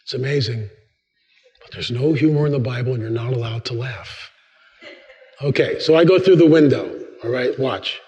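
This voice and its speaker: A man giving a humorous church talk as a guest speaker, acting out quotes with big jumps in his voice. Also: moderate pace. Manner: animated, acts out quotes with big pitch jumps. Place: large church hall. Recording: long hall reverb, dull sound.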